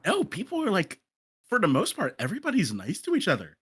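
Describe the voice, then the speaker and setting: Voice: medium pitch, wildly swooping pitch, fast, fairly bright tone, slightly rough. A stream co-host chatting casually, easygoing and laughing often, often trailing off mid-sentence. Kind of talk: casual livestream chat.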